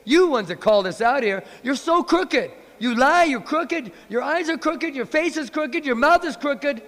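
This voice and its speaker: A man voicing a group of indignant young village girls, loud and shrill, telling a story in a lecture. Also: expressive, moderate pace, in a large hall, heavily acted.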